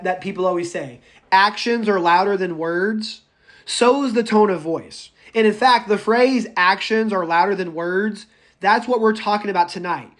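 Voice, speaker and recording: Chatty male public speaking teacher. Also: sits high. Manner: chatty and animated, addresses students by name; goes off on tangents. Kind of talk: live class lecture.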